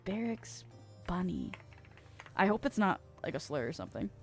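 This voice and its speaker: A woman streaming live, chatting casually and reading viewer comments with a soft voice and a lot of giggling. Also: lowish voice, very animated, normal speed, slightly rough, soft background music. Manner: giggly, playful, frequent laughter; soft-spoken.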